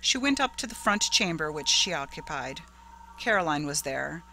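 A woman narrating a classic ghost story in a measured, steady way. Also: low voice, a little hiss or hum, rough recording.

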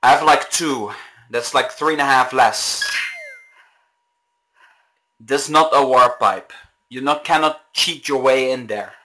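A young man hosting a gaming video, raging and yelling in frustration, slow and exasperated between outbursts of laughter. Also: mid-range voice, slight background noise, rough recording. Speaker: gaming channel host. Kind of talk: gaming commentary.

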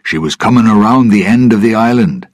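A man's voice: fairly low pitch, brisk, no room sound, studio quality, voice pushed up, close to an everyday voice. A man voicing a worried older male ship's mate who calls orders urgently, in a storybook reading.

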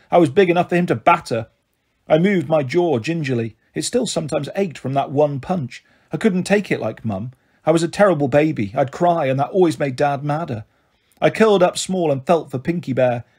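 Guy reading a kids' book aloud, kinda high pitched, husky, steady pace. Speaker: storybook reader. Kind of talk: reading a children's novel aloud.

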